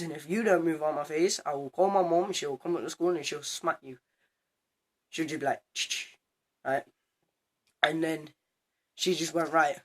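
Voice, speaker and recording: A teenage boy telling a story to camera in a casual vlog, animated and swearing, acting out both sides of an argument. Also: on the high side, normal speed, pauses often. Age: teens. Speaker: student vlogger.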